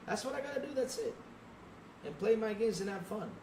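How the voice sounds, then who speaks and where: A young adult man hosting a live podcast stream, talking straight to his chat in an animated, repetitive way. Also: high voice, a little fast, slight background noise. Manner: animated, talks straight to chat, repeats himself. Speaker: podcast host.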